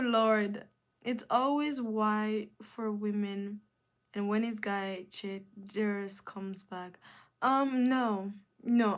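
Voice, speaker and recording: A woman hosting a live stream in casual chat, answering viewer comments with emphatic, repeated phrases. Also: medium pitch.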